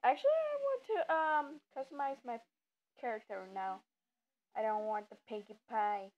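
This gamer's fairly high, animated voice moves at normal speed while she plays and rambles casually, stumbling with plenty of ums. Faint game music sits under a muffled, lo-fi recording.

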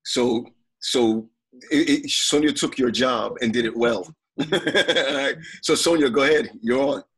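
A man leading a family video call, praying and then handing the floor to relatives with halting, restarting speech. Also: mid-range voice, fairly bright tone, breathy edge. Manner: halting, with many restarts and fillers. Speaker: family call host and prayer leader. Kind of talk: prayer, then casual video call hosting.

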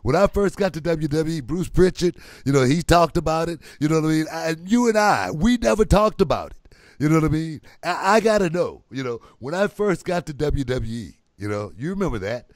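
A man's voice: a little high, brisk, no echo, clean studio sound. A middle-aged man telling a story in casual chat, with lots of "you know" fillers. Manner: animated, repeats "you know" a lot. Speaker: podcast guest.

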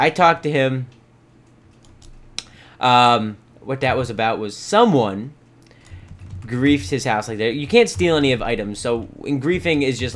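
A man hosting a let's play, chatting casually and excitedly coaxing and yelling at the animals in the game. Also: medium pitch. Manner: excitable, yells and coaxes at game animals, rambling asides. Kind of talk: casual gameplay commentary.

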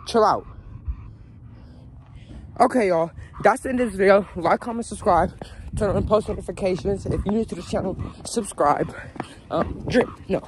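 A man's voice: sits high, moderate pace, pauses often, rough recording. A man vlogging casually at an outdoor dog park, talking to his dog and his viewers on a handheld phone. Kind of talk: casual vlog chat. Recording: outdoor phone recording with clear background noise.

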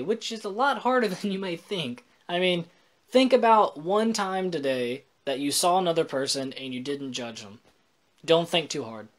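A man talks to camera on a faith vlog in a relaxed, chatty way. He explains scripture in plain everyday words and keeps slipping in jokes at his own expense. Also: high voice. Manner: joking, chatty, self-deprecating asides. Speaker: Christian vlogger. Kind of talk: casual faith vlog talk.

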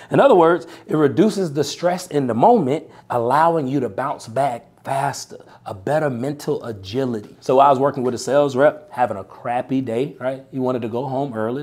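A man, coaching sales reps in a punchy, animated, preacher-like way, often tagging lines with "right?". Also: medium pitch. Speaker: sales coach and podcast host. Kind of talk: motivational sales coaching talk.

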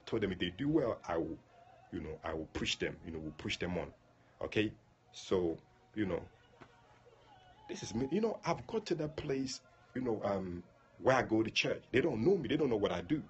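A man's voice: fairly low pitch, sing-song, moderate pace, pauses often, darkish tone, highs cut off, a little hiss or hum. A man leading a prayer livestream, chatting casually and addressing viewers by name.

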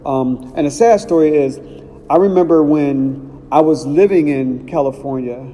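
A middle-aged man from Ohio telling casual stories as a podcast host, animated and acting out quotes. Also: a little high, normal speed. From Cincinnati, Ohio. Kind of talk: casual storytelling. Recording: long reverb, faint background noise.

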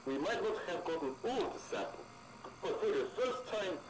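A man voicing a curt male science-facility supervisor who briskly gives orders and calls the player comrade. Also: high-pitched, lively intonation, reverberant, background noise. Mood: dismissive. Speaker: supervisor in a horror game.

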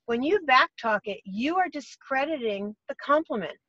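A woman's voice: high voice, expressive, normal speed, pushed and bright, no room sound. A woman on a video call from her parked car at night, giving encouraging advice and laughing easily. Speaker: forum guest. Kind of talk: casual video call chat. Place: sitting in her car in a parking lot at night. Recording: dull lo-fi video call audio.

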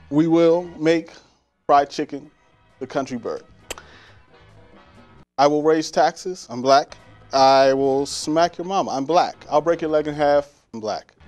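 A man's voice: a little high, slow, long pauses, a little mellow, soft background music. A male comedian playing a pompous, scheming presidential candidate who brags in over-the-top campaign speechifying. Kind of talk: stand-up comedy sketch.

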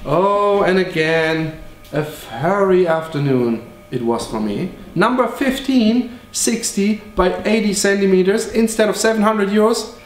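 A man pitching his own paintings in a joking, exaggerated, profane way, in an echoey room. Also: a little slow.

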